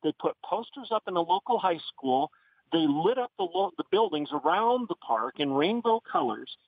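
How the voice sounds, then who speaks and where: A man's voice: fairly high pitch, very animated, moderate pace, slightly rough, no echo. A man from Oklahoma, a guest on a radio talk show, speaking in an impassioned, emphatic way over the phone. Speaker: guest commentator. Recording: tinny phone line.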